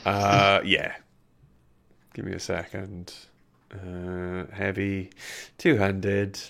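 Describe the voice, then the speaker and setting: A man's voice: sits low, little pitch movement, creaky, fairly bright tone. A man running a tabletop game as game master, narrating combat and giving rulings with frequent fillers. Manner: measured, hesitant with fillers between rulings.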